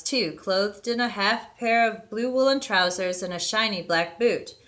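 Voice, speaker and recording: A woman reading a storybook aloud with steady, expressive narration. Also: medium pitch.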